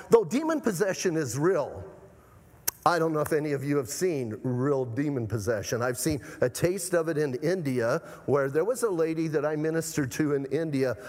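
A pastor from Arizona preaching a sermon in an emphatic manner, repeatedly urging the congregation to listen. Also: male voice, mid-range voice. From Arizona, USA. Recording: long hall reverb.

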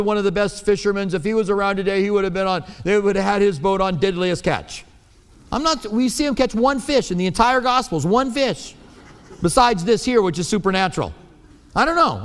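A man's voice: high-pitched, long reverb tail. A man preaching a sermon as pastor, telling stories in a conversational way and acting out voices.

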